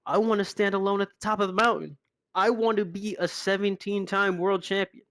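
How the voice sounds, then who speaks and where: A downcast veteran male wrestler from a game story, earnest and self-doubting, as a man puts him on. The voice is raised and gravelly. It sits close and dry. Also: high voice, fairly even intonation, a little fast, fairly bright tone, no echo, pitched above the performer's own voice. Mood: determined.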